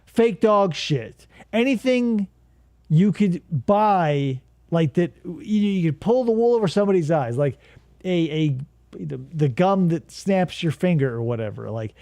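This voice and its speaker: A man's voice: high voice, lively intonation, a little slow, dark tone, no room sound. A man hosting a podcast, riffing crudely and sarcastically in casual chat. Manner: crude, profane, sarcastic joking. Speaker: podcast host.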